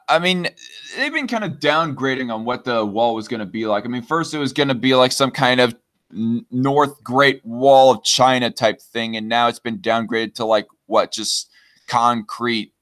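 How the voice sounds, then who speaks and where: A man's voice: mid-range voice, fairly bright tone. A man hosting a casual podcast, reading chat comments aloud and talking in a hesitant way with many fillers and restarts.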